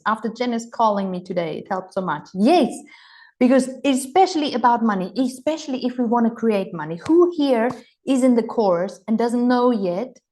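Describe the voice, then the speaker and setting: A German-speaking woman coaches online live as a healing and money mentor, full of upbeat, playful exclamations and put-on gushing voices. Her voice is mid-range and a little mellow.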